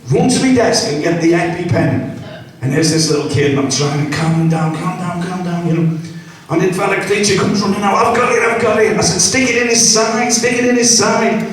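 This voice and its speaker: A man in his 60s works an open mic at a small comedy club, doing crude, chatty stand-up and addressing audience members by name. His voice is high and fairly quick, captured from a distance in a very echoey room.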